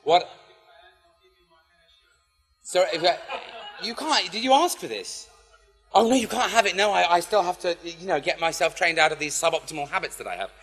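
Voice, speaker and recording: A man telling a story to a live audience in an animated way, acting out the voices of the people in it. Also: sits high, moderate pace, pauses often, breathy edge. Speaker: poet and speaker. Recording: long hall reverb, faint music.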